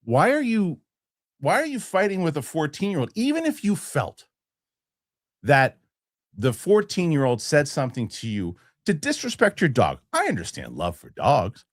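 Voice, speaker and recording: Animated man ranting through a story. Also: on the high side, moderate pace, dry recording, studio quality. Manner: heated, animated, swears, acts out quoted people. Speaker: show host. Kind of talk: casual storytelling rant.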